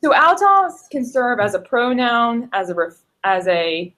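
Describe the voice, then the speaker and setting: A woman's voice: a little high, very animated, a little slow, a bit bright. A woman student in a tutoring session, thinking aloud and asking hesitant questions.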